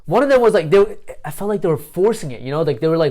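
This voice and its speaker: A man's voice: a little high, animated, racing, darkish tone. A man telling a long story on a casual podcast, swearing freely and acting out what his friends said. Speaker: podcast guest.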